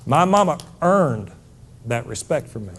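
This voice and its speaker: A man's voice: medium pitch, very animated, measured pace, a bit bright, a little hiss or hum. A middle-aged man giving a keynote speech to a live audience, blunt and emphatic, calling them folks. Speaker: motivational speaker. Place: stage before a live audience.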